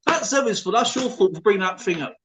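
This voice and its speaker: A man's voice: sits high, lively intonation, a little fast, background noise. A man hosting a stream in casual chat, telling rambling jokes and laughing often. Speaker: stream host.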